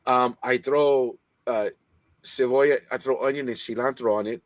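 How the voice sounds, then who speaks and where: Excitable, profane man from California. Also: mid-range voice, normal speed, no echo. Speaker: co-host of a comics livestream. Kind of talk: casual chat. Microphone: livestream setup.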